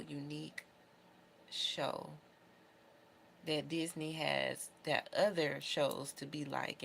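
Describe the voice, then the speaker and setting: A young adult woman speaks casually to camera in a low voice with a gravelly edge. She talks in an emotional, heartfelt, rambling way. A faint background noise sits under the recording. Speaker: beauty vlogger.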